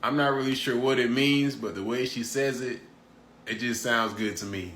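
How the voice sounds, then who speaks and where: A man's voice: medium pitch, steady tone, a little slow, a bit bright, echoey room, a little hiss or hum. A man chatting casually and with amusement, laughing at himself as he tries out phrases. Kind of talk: casual chat.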